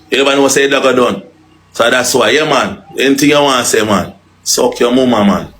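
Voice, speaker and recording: A man's voice: mid-range voice, brisk, a bit bright, a little hiss or hum. A man with a Jamaican accent in a heated, profane, taunting live-stream rant that repeats its jabs.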